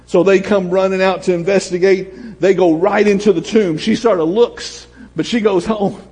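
A man preaching a sermon as pastor, swinging from shouts down to hushed storytelling. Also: high-pitched, steady tone, normal speed, breathy edge. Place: church sanctuary. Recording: long hall reverb.

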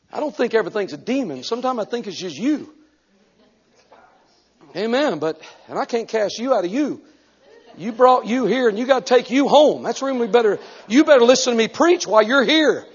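A man preaching a sermon as an evangelist, telling a story animatedly and breaking into sudden shouts. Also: extremely high pitch, big pitch swings, normal speed, long pauses, breathy edge. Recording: echoey hall, dull lo-fi sound.

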